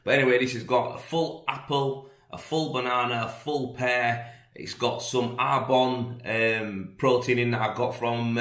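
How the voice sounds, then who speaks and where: A man's voice: lowish voice, a bit bright. A man, a plasterer chatting casually and rambling through his day for a vlog. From England. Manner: chatty, rambling, plain-spoken. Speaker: plasterer vlogging his workday. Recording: echoey room sound.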